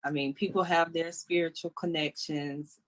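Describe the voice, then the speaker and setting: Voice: medium pitch, steady tone, normal speed. A co-host in a casual podcast chat, speaking earnestly and reflectively.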